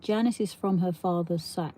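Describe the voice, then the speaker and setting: Reading viewers' comments on a laid-back livestream, this South East London host speaks in a lowish, dark voice at a moderate pace, with a bit of hiss or hum in the background. She rambles off on tangents and laughs a lot, her local accent clear.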